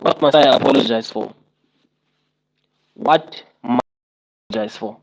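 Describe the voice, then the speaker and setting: A man's voice: mid-range voice, unhurried, gravelly, rough recording. A young man on a casual livestream, talking to his viewers and repeating himself in exasperated rhetorical questions.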